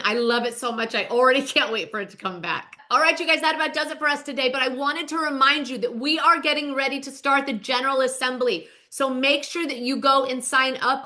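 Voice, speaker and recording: A woman's voice: on the high side, bright, forceful tone. A woman host giving a chatty, emphatic recap of reality-show gossip, straight to her viewers. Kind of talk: casual recap commentary.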